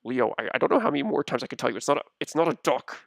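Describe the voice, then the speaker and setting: Give me a gravelly-voiced man streaming from home, rambling and stammering in mock outrage. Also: mid-range voice, big pitch swings, very fast, no room sound, clean studio sound. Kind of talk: casual comedic stream chat. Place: home room with a computer.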